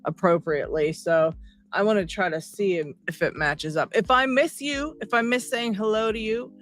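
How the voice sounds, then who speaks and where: A woman's voice: mid-range voice, normal speed, soft background music. A woman hosting a live stream, chatting casually, greeting viewers by name and laughing often. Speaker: livestream host. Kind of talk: casual livestream chat.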